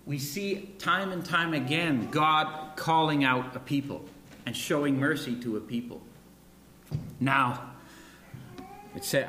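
A man's voice: a little high, fairly bright tone, reverberant, slight background noise. A man preaching a sermon in a conversational way, with frequent asides and restarts. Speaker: pastor.

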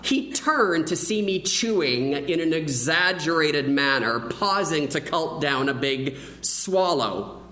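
A man preaching a sermon, telling a childhood story with lively, acted-out delivery. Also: fairly high pitch, takes it slowly, few pauses, rough recording. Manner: animated storyteller who acts out the quoted voices.

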